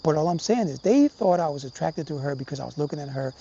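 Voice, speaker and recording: This middle-aged livestream host speaks fast in a slightly high, expressive voice with vocal fry and a warm tone. He chats casually and profanely, rambling and addressing viewers as brothers, over a slightly dull recording with faint hiss.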